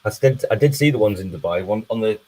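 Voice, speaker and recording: Husky English man chatting on a livestream. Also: on the low side, animated, fast, mellow, low-quality recording. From northern England. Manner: laughs often, chatty and self-deprecating. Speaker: livestream host. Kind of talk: casual livestream chat.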